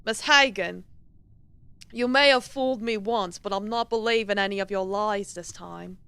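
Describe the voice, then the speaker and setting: A woman's voice: mid-range voice, normal speed, sharp tone, smooth, no echo, pitched below the performer's own voice. A woman voicing a stern male professor in a put-on British accent.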